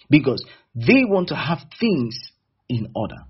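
A man's voice: on the high side, very animated, moderate pace, breathy edge, muffled recording. A man preaching a sermon emphatically, acting out little dialogues between people as he teaches.

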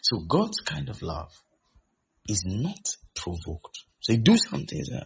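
A man preaching a sermon who acts out the voices of the people in his stories and swings between loud and soft delivery. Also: mid-range voice, wildly swooping pitch, unhurried, gravelly, breathy edge. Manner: acts out quoted voices, shifting loudness. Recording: dull lo-fi recording.

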